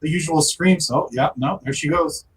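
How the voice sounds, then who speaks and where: A man's voice: fairly high pitch, normal speed, a bit bright, recorded from a distance, a little hiss or hum, poor audio. A man playing in a tabletop game, chatting casually and rambling over a voice call. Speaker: player.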